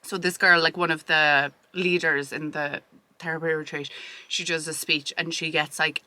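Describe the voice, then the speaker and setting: A woman's voice: deep voice, moderate pace, slight background noise. A young woman in her twenties, co-hosting a podcast and telling stories in casual chat. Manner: chatty storyteller, animated retelling. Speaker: podcast co-host.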